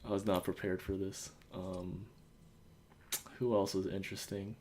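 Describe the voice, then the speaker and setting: A man's voice: deep voice, level tone, unhurried, darkish tone, slight background noise. A young man from the United States telling stories in a casual podcast chat, rambling with lots of fillers and acting out quotes. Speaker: podcast host.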